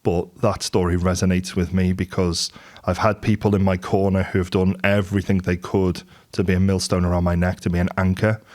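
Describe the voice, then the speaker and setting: Low-voiced man giving candid advice. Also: darkish tone. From England. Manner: candid, conversational storytelling. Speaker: business and property coach. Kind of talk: motivational talk to camera.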